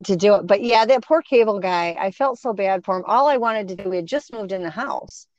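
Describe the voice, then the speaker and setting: A woman's voice: mid-range voice, fairly quick, no echo. A middle-aged woman telling stories in a casual chat, acting out the voices of the people in them. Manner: animated, acts out quoted voices. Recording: dull, dry sound.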